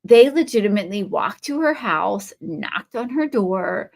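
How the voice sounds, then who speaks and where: Chatty Midwestern mom crafting live. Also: female voice, medium pitch, unhurried, creaky. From Ohio. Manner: rambling, animated storytelling, talks to viewers by name while painting. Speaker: craft livestream host.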